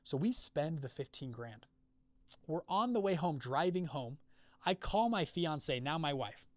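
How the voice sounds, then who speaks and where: A man hosting a live call, telling a personal business story in a conversational way, acting out quoted dialogue with lively shifts. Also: fairly high pitch, a little slow, no echo. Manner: energetic, acts out quoted dialogue with shifting voices; conversational, many fillers and check-ins. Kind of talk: storytelling talk to an audience.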